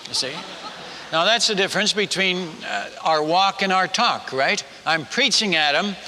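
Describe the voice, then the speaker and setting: A man telling a personal story in a sermon, chatty and animated, stumbling over restarts and asking the audience questions. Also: high voice, moderate pace, a little hiss or hum. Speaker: missionary preacher. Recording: echoey hall.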